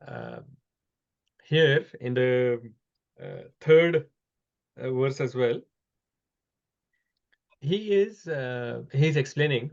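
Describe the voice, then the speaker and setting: A man teaching a scripture class over an online call, explaining slowly with frequent pauses. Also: medium pitch, creaky, darkish tone, highs cut off.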